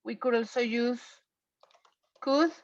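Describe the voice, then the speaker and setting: A woman's voice: a little high, slow. A woman teaching an online English review class, patiently checking in with her students. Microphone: video call. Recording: muffled lo-fi online class audio.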